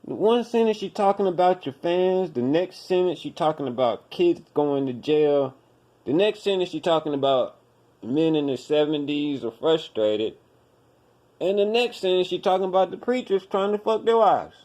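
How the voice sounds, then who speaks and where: A man's voice: a little high, normal speed, dark tone. A man hosting a podcast, ranting in blunt, profane commentary and hammering his points with repetition. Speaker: podcast host.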